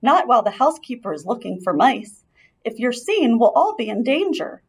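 A woman's voice: on the high side, sing-song, moderate pace, slightly rough. A woman voicing an anxious mother mouse who pleads and cries out in alarm, reading a storybook aloud. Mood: pleading, alarmed.

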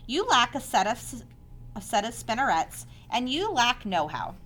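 A woman reading aloud and voicing a wise, kind female spider who explains things patiently and teases gently. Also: on the high side, big pitch swings, moderate pace, voice pushed up. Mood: gentle.

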